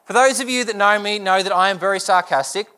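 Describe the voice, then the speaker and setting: A man's voice: sits high, fast, bright, forceful tone. A young adult man preaching a sermon as pastor, asking earnest repeated rhetorical questions.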